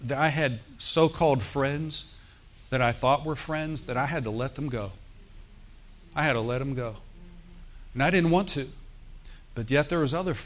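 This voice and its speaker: Pastor, man, storytelling sermon voice, climbs into emphatic preaching, middle pitch. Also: a bit bright.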